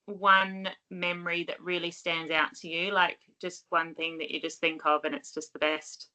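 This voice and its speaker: A woman hosting a casual interview who asks gentle, encouraging questions. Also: fairly low pitch, level tone, normal speed, poor audio. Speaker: interviewer, podcast host.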